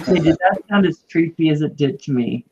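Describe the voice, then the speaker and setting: A woman's voice: low-pitched, animated, brisk, muffled recording, noisy background. A woman co-hosting a video call-in chat show, talking casually and laughing often.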